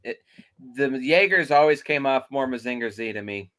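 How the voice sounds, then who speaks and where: A man co-hosting a casual movie review podcast, walking through his points in a measured way. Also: mid-range voice, animated, a bit bright. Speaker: podcast co-host.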